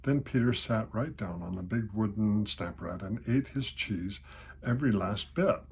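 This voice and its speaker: An older man with a husky voice reading a children's storybook aloud at a steady, unhurried pace. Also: on the low side, a little hiss or hum.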